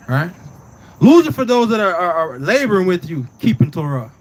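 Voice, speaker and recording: A man's voice: sits high, big pitch swings, a little fast. A man teaching scripture in a casual preaching way, often asking "right?" and "you understand?" and telling the reader to read on. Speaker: Bible teacher.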